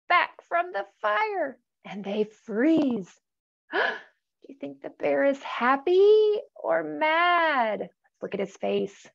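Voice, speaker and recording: A woman reading a picture book aloud to children, animated, gasping and asking questions as she goes. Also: sits high, creaky, lo-fi sound. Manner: animated, gasps, asks listeners questions. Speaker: storytime reader.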